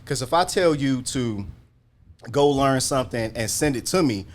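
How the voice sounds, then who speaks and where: A man's voice: mid-range voice, lively intonation, moderate pace. A talent manager, a man who is a guest on a live chat and explains his work in a laid-back, patient way. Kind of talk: casual interview chat. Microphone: video call.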